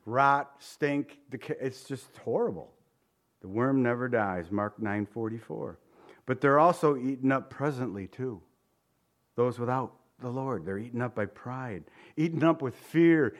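A middle-aged man preaching a sermon, animated, jumping to high pleading voices for prayers and dropping low and soft for asides.

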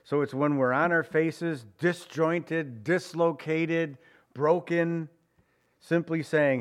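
A man preaching a sermon, moving between raised, emphatic phrases and quiet, slowed ones, and voicing prayers and quoted speech in his own voice. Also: fairly high pitch, steady tone. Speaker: pastor.

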